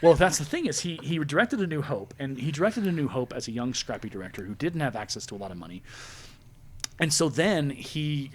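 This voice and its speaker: A man in his forties hosting a podcast, chatting casually in an animated, jokey, rambling way. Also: a little high, brisk, slight background noise. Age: 40s. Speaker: podcast host. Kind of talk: casual chat.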